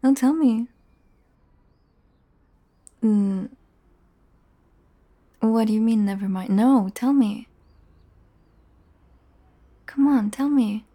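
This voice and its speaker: A woman's voice: a little high, drawn-out words, pauses often, dark tone. A young woman in a casual audio role-play, talking straight to the listener, teasing and swearing freely and often dropping into a whisper.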